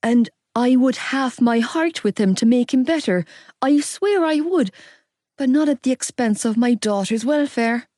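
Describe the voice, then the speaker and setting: A woman's voice: on the high side, expressive, unhurried, dark tone, dry recording, pitched above the performer's own voice. A woman voicing a worried father who pleads with his daughter not to go, in an audiobook. The delivery is close and dry. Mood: torn pleading. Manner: torn, pleading. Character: worried middle-aged Irish father.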